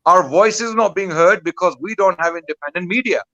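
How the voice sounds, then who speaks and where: Man, impassioned commentary, rhetorical questions, bright tense tone, dry recording. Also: high voice, a little fast, dry recording, dull audio. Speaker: guest commentator.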